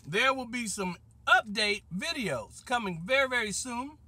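A man speaks in an extremely high register with a sharp, bright tone. He chats in a casual, upbeat way while sitting in his car, looping back to the same catchphrases. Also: lively intonation, a little slow, no room sound. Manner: chatty, upbeat, repeats catchphrases. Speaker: vlogger reviewing fast food. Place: in a parked car.

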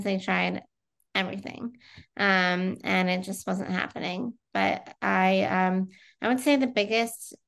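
A woman's voice: mid-range voice, a bit bright, smooth. A woman in her thirties, a guest in a casual interview, telling her own story in a chatty way with frequent fillers.

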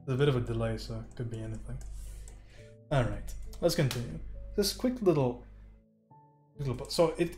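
A man's voice: medium pitch, a little mellow. A man giving a casual livestream art tutorial, chatting and swearing freely with his viewers. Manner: chatty, swears, talks to chat. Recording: roomy echo, faint music.

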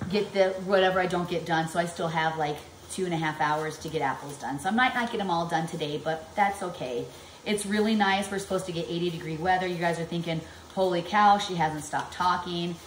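A woman in her forties chatting at length in a home kitchen vlog, rambling and animated with plenty of fillers while she works. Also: low voice. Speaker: vlogger. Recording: echoey room, faint household noise.

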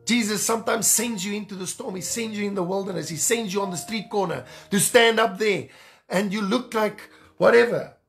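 A man preaching a sermon as an evangelist, fervent and animated, repeating phrases for emphasis. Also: high voice, fairly quick, gravelly, soft background music.

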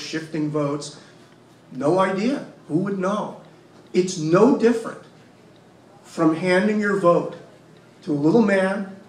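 A man speaking at a panel, emphatic and fond of rhetorical questions, with a voice pitched a little high. He is picked up from some distance in a reverberant room with a faint hiss behind him. The delivery is insistent and repetitive. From Massachusetts, US. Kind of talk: impassioned panel talk. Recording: echoey room, mic from far off.

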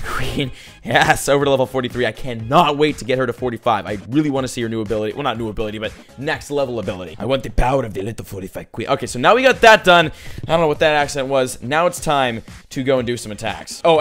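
A young man commentating his mobile strategy game play as a YouTuber, excitable and prone to hype shouts. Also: medium pitch. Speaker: gaming YouTuber.

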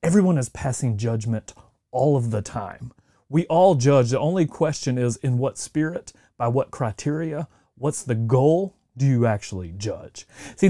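Pastor guy preaching, fairly high voice but mellow and warm, chatty sermon style, dry sound. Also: dry recording. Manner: conversational preaching, acts out quoted voices. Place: church sanctuary.

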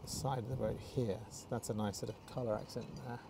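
Male plein air painter, average pitch, casual halting commentary, loud wind roaring on the mic. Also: little pitch movement, gravelly. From Scotland. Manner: talks to himself while painting, halting and repetitive. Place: outdoors by a harbour on a windy day. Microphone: wireless clip-on mic. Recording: loud wind noise outdoors.

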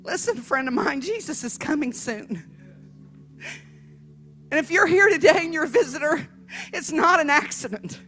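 A woman evangelist preaching through a personal story, with a high, bright voice that rises and falls widely. She drops to a hush, then breaks into emphatic shouts. Soft music plays faintly behind her. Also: lively intonation, moderate pace, long pauses. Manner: dramatic, emphatic, bursts into shouting. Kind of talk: storytelling sermon.

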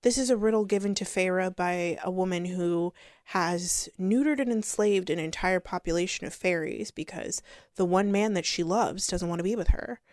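A woman's voice: on the low side, moderate pace, a little mellow, no room sound, clean studio sound. A woman giving a casual, sarcastic and exasperated rant review of a book on her channel.

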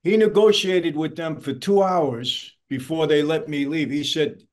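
Older male co-host, blunt and emphatic, slightly higher pitch, casual podcast chat. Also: steady tone, unhurried.

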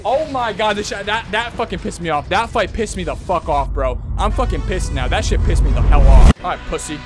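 A young man streaming a fighting game, commenting live with excitable, profane trash talk. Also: sits high, fairly quick. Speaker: gaming streamer. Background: game music.

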